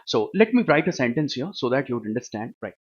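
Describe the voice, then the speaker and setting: A man's voice: mid-range voice, big pitch swings, fast talker, husky, lo-fi sound. A man teaching a live online grammar class, who keeps asking questions, answering them himself and adding "right, ma?". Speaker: English teacher.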